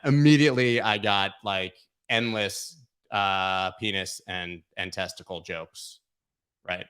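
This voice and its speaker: A man hosting a crypto market show, giving brash, joking, excitable live commentary on price charts. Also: fairly low pitch, unhurried, clean tone.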